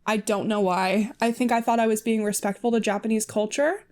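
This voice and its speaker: A woman's voice: on the high side, fairly even intonation, a little fast, a little mellow. A woman reading her own old fanfiction aloud and mocking it with cringing, laughing commentary. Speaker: fanfiction reader.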